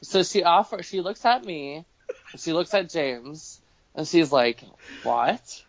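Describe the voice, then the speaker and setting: A man's voice: a little high, slow pace. A man as podcast guest, telling rambling stories full of swearing and acted-out quotes. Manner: rambling, swearing, animated quoting. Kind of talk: casual storytelling chat. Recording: dull lo-fi home recording.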